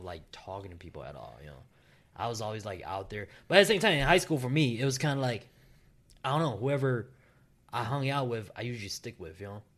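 A young man in a casual chat with friends who rambles in a relaxed way and keeps asking whether they know what he means. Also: mid-range voice.

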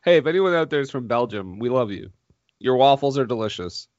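A man's voice: mid-range voice, lively intonation, fairly quick, a little mellow, muffled recording. A man co-hosting a casual film podcast, playful and teasing, laughing often. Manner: playful, laughs often, teases his co-host. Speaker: podcast co-host.

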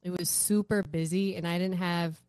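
A woman chatting casually on a podcast, telling dating stories with lively acted-out quotes. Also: lowish voice, moderate pace, smooth, no room sound. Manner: animated storyteller, acts out quotes.

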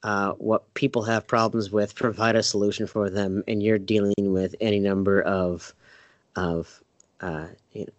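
A man co-hosting a casual podcast chat, thinking out loud in long looping sentences with fillers. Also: fairly low pitch, little pitch movement, normal speed, no room sound, dull audio. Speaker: podcast co-host. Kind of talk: casual chat over beer.

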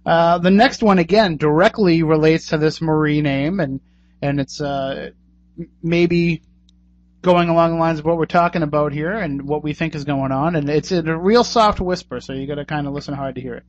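A man's voice: fairly high pitch, normal speed. A man hosting a radio talk show in a casual, joking, conversational way. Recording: dull lo-fi radio recording.

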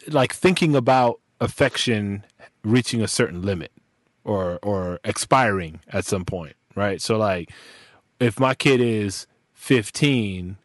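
A man's voice: on the low side, no room sound, studio quality. Laid-back man hosting a podcast. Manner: relaxed, rambling with restarts and slang. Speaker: podcast host. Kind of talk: casual podcast chat.

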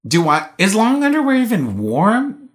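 A woman's voice: mid-range voice, huge pitch swings, moderate pace. A woman in casual chat, bantering about a film in a playful, blunt way.

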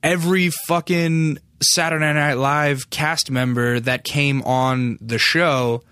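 A man's voice: fairly high pitch, steady tone, slow, sharp tone, clear, resonant tone, no echo. A young man telling a casual, rambling story with lots of swearing and filler words.

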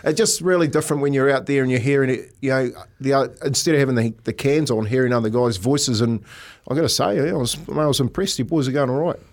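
A man's voice: mid-range voice, fast. A middle-aged man from New Zealand, a podcast co-host telling stories in casual chat, rambling with many restarts.

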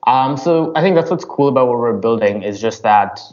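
A man answering interview questions about his business in a casual, halting way, full of fillers and restarts. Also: mid-range voice, expressive, a little mellow, lo-fi sound. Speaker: startup founder.

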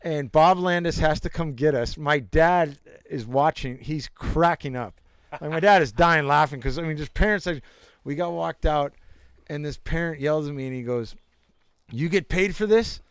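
A young man with a smooth, resonant voice rambles through stories, laughing and swearing as he goes. His pitch sits a little above average, and the recording is dry and close. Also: normal speed, no room sound. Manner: rambling anecdotes with laughter and crude jokes. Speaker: storyteller. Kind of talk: casual chat.

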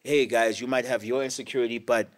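Male podcast host, relaxed conversational tone, affirming interviewer. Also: mid-range voice, quick pace. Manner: relaxed, lots of affirming backchannels. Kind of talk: casual interview chat.

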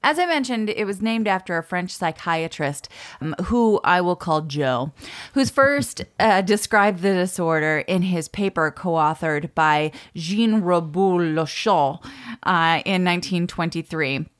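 Playful woman podcast host, lowish voice. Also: lively intonation, unhurried, a bit bright. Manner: playful, self-mocking, laughs often. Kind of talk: casual chat. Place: home, by the deck doors.

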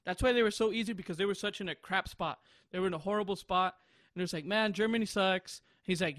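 A man's voice: high voice, a little fast, a bit bright, no room sound, studio quality. A man in his twenties, hosting a podcast, chatting casually and telling a long rambling story with bursts of laughter. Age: 20s. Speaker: podcast host. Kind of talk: casual chat.

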